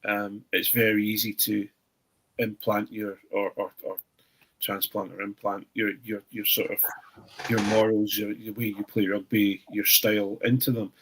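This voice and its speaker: A man's voice: lowish voice, flat delivery, moderate pace, fairly bright tone, husky, rough recording. A man hosting a podcast in casual chat, rambling and sweary, often repeating words as he thinks. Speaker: podcast host.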